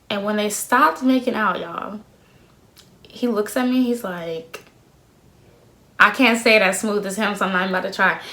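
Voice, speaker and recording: A young woman in her twenties telling a story to her phone camera in a casual, slangy, animated way, laughing often. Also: medium pitch. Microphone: phone camera at arm's length.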